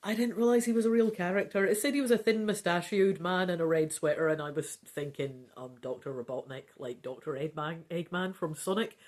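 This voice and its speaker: A woman's voice: fairly low pitch, brisk, hardly any pauses, a little mellow. A woman reading through a gamebook aloud, chatting in casual, self-deprecating asides. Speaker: gamebook reader.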